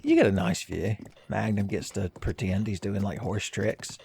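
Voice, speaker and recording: A man's voice: fairly low pitch, very animated, moderate pace, vocal fry, a little mellow, slight background noise. A man hosting a let's play, rambling through casual game commentary with jokey, crude humor.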